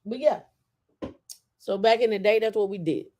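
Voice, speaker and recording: A woman's voice: mid-range voice, normal speed. Woman host telling stories in casual chat. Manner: animated storytelling with acted-out quotes.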